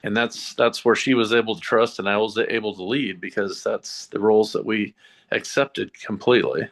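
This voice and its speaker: Low-voiced guy, horse trainer, talks earnest and halting with lots of uhs. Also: steady tone, gravelly. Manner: earnest, reflective, halting with fillers. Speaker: horse trainer, podcast guest. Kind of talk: casual interview chat.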